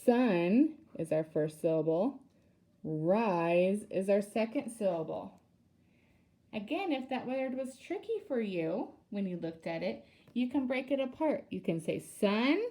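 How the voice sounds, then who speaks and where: A woman's voice: medium pitch, mellow. A woman teacher leading a reading lesson for young children, sounding out words syllable by syllable.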